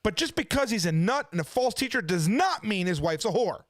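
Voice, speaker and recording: A man with a high, animated voice rants indignantly from his kitchen at home. He keeps firing rhetorical questions in a loose, unscripted commentary. The sound is close and dry. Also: fairly quick, no echo. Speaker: preacher and channel host. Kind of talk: casual ranting commentary.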